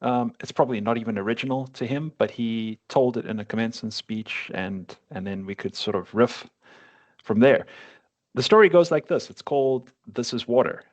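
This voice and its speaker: A middle-aged man co-hosting a podcast in casual chat, talking in a halting way with many restarts as he searches for words. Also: mid-range voice. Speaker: podcast co-host.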